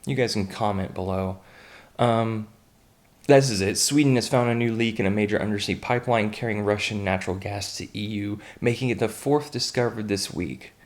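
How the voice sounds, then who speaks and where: A man's voice: on the low side, moderate pace. A young American man hosting a daily online news roundup, reading headlines in a casual way and breaking in with blunt, offhand comments, fillers and restarts. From United States. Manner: reads headlines then adds blunt, offhand asides with frequent fillers and restarts.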